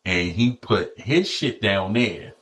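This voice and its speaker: A man in his forties with a low-set voice spins a loose, profane story as a podcast guest. He talks casually and keeps slipping into the voices of the people he quotes. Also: slow. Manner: profane, animated storyteller acting out others' lines.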